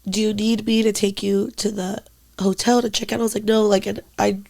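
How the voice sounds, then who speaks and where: A young woman with a gravelly, creaky voice, co-hosting a casual podcast. She tells a story candidly, with lots of "like" fillers and plenty of swearing. Her pitch sits mid-range for a woman. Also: flat delivery, brisk, darkish tone. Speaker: podcast co-host. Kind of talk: casual chat.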